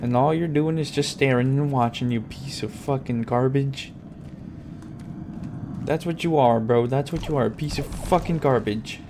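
A man commentating as he plays a video game, cursing and trash-talking the enemies, with sudden loud outbursts. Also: mid-range voice, moderate pace. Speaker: gameplay commentator. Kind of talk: let's-play commentary. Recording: steady background noise.

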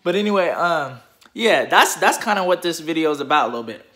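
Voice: medium pitch, lively intonation, a little fast, fairly bright tone. A YouTuber ranting casually to subscribers into a phone camera, slangy, joking and swearing a lot. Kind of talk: casual vlog rant.

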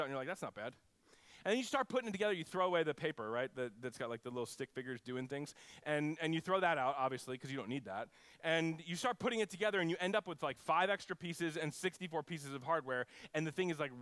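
A male pastor in the middle of a sermon, talking in a lively, conversational way. His voice sits a little high for a man and moves widely in pitch, jumping from quiet, low passages to excited calls. The sound is close and dry, with little room around it. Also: no echo. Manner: animated, conversational, swings between loud and hushed.

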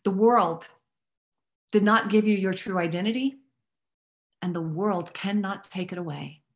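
A woman leading a guided tapping exercise, giving calm step-by-step instructions and affirmations to repeat. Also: medium pitch, unhurried. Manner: calm instructive guiding, repeat-after-me phrasing; affirming, uplifting delivery. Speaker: recovery workshop facilitator.

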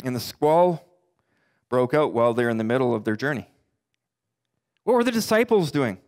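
A middle-aged pastor preaching a sermon earnestly, his voice climbing for emphasis and sinking low for the darker points. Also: animated, darkish tone. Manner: earnest preaching, rising and dropping in pitch for emphasis; quotes scripture in slow deliberate voice.

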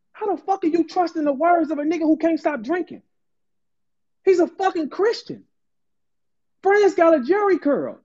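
St guy going off, high voice, cussing nonstop, muffled lo-fi stream sound. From St. Louis, Missouri. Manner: loud, aggressive, profane, rapid repetition. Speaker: battle rapper ranting on a stream. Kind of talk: heated profane rant.

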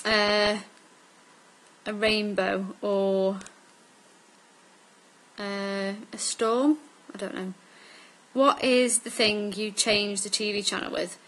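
A woman's voice: mid-range voice, fairly even intonation, fairly bright tone, rough recording. A woman in her twenties from Staffordshire, with a mixed northern English accent, chatting casually through a word list in an accent tag video with many ums. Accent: northern English mix. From Staffordshire, England. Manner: unhurried, with frequent ums. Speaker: vlogger.

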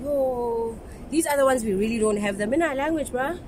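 A woman's voice: high voice, moderate pace, a little mellow, slight background noise. A young woman from South Africa with a Lobedu South African accent, teasing and exclaiming as she reads out names in a casual vlog. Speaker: co-host reading names. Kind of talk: casual chat.

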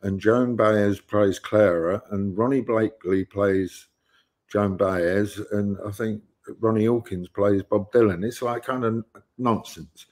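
A man's voice: on the low side, fairly even intonation, slow, a little mellow. A man, telling rambling anecdotes as a guest on an online interview show and acting out the lines he quotes. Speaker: guest musician.

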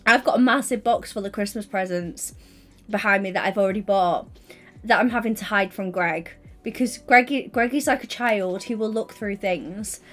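A young woman, mid-range and slightly bright in voice, chats casually on her livestream through a headset mic over faint music. Giddy and bubbly but yawning with fatigue, she keeps talking and makes quick comments to chat.

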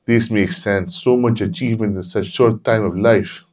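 A man's voice: mid-range voice, expressive, normal speed, mellow, pitched above the performer's own voice, natural voice. A man voicing a blunt older male immigrant chemistry professor who speaks in clipped, broken English. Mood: matter-of-fact.

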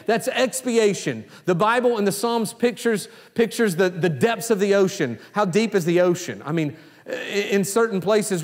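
A man preaching a sermon as pastor, swinging between hushed low lines and raised, emphatic exclamations. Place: church sanctuary. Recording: long reverb in a church hall.

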